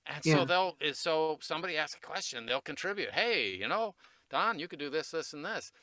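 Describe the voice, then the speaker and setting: Casting note: man, voice coach, bright and crisp, loose rambling talker who laughs at himself, dry close mic. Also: on the high side, expressive, no echo. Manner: rambling, self-deprecating, quick to laugh. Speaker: voice recording coach, guest. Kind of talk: casual podcast conversation.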